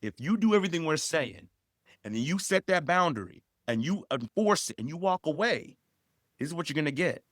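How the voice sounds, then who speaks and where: A man's voice: fairly high pitch, big pitch swings, a little fast, fairly bright tone, no echo, clean studio sound. A man co-hosting a podcast, giving emphatic, repetitive advice that rises sharply when he stresses a point. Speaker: podcast co-host.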